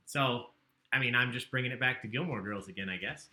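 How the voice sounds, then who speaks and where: A man's voice: mid-range voice, animated, a little fast, sharp tone, echoey room. A man hosting a livestreamed trivia game, chatty and joking as he reads out the questions. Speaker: trivia host.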